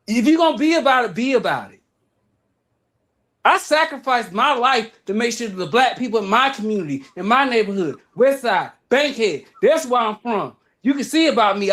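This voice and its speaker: A man with an Atlanta Southern accent rants on a livestream. His voice sits high for a man, and he talks with emphatic, profane energy, circling back and repeating words as he builds his point. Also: fairly bright tone. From Atlanta, Georgia. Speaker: livestream guest. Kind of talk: heated livestream rant.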